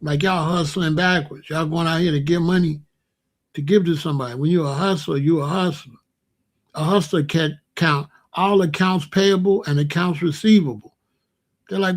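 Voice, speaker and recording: A man's voice: fairly high pitch, steady tone, normal speed. Blunt, profane man telling stories. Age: middle-aged. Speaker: host. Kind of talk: casual storytelling monologue.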